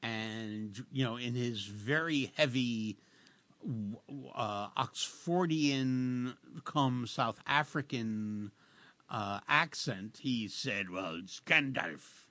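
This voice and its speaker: Bright-voiced rambling radio host. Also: male voice, mid-range voice, no room sound. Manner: rambling, halting, many fillers and restarts. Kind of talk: casual radio interview chat.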